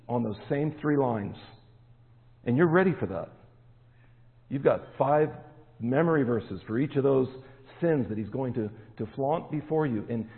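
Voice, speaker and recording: A man preaching a sermon as pastor, emphatic and stressing key words. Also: medium pitch. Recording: echoey hall, tinny phone-like sound.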